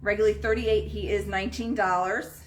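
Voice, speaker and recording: A woman hosts a live online sale from an antique shop, going through items and prices in a steady, medium-pitched voice that moves a little fast. There's a little hiss or hum, and the space sounds echoey.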